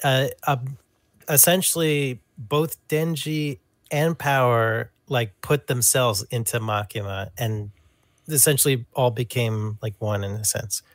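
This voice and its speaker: A man's voice: mid-range voice, a little slow, dry recording. A man on a casual podcast chat, talking things through hesitantly and asking puzzled questions. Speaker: podcast co-host.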